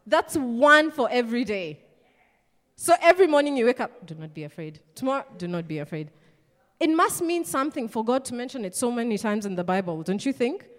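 A woman preaching a sermon in a lively, conversational way with playful asides. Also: fairly high pitch. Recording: reverberant hall.

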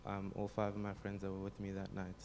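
Young man, low and flat, telling a testimony, faint room noise behind. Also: fast, creaky. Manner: plain, storytelling, frequent ums. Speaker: congregation member giving a testimony. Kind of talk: spoken testimony.

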